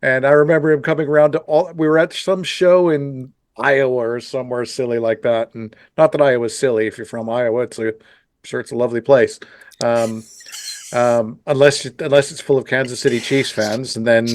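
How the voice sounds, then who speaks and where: A man's voice: medium pitch, steady tone, fairly quick. A man hosting a podcast interview, telling stories in a rambling, chatty way with many restarts and asides. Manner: rambling, self-correcting storyteller. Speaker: podcast host. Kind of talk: casual interview chat.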